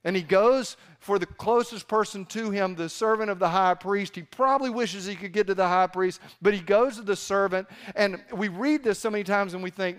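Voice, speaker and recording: Animated storytelling pastor, man. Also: high-pitched, normal speed, few pauses, clean tone. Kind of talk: sermon.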